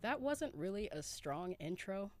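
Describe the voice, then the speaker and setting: A woman's voice: medium pitch, big pitch swings, a little slow, a little mellow, dry recording. A woman in her forties hosting a casual solo podcast from her camper van, groggy with a morning voice, laid-back and giggly, dropping slang and swearing. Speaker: podcast host.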